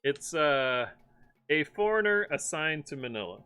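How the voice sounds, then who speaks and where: A young man with a bright, forceful voice chats loosely on a stream and laughs between stories. He tells his stories with animated, playful impressions of the people in them. Faint music plays behind him. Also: a little high, measured pace, clear, resonant tone. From Maryland, USA. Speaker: streamer host. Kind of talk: casual chat.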